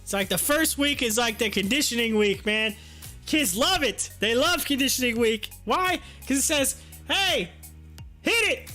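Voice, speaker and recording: High, bright-voiced excitable man. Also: normal speed, faint music behind. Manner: chatty, excitable, laughs often. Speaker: stock market livestream host and youth football coach. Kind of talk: casual livestream chat.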